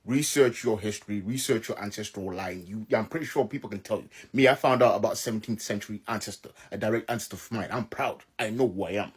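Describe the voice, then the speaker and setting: Man, very husky voice, lowish pitch, incredulous exasperated reaction commentary. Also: fast, hardly any pauses. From Southern Africa. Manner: exasperated, incredulous, laughing in disbelief.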